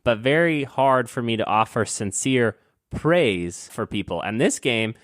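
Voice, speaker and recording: A man's voice: mid-range voice, lively intonation, unhurried, no room sound, clean studio sound. Rambling self-deprecating podcast man. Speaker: podcast co-host. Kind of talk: casual chat.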